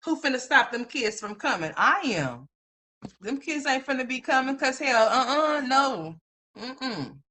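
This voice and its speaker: A woman's voice: high-pitched, very animated, unhurried, pushed and bright. A woman in her fifties hosting a livestream, telling blunt, profane stories to her chat and laughing at her own jokes. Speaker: livestream host. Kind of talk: casual profane storytelling to a live chat.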